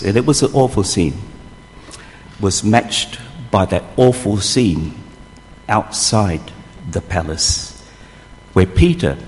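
A man's voice: lowish voice, darkish tone, a little hiss or hum. A man preaching a sermon, telling the story vividly and acting out the voices of the people in it. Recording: long hall reverb.

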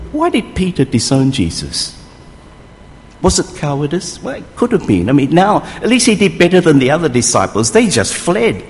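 A man's voice: medium pitch, slight background noise. A man preaching a sermon, telling the story vividly and acting out the voices of the people in it. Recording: long hall reverb.

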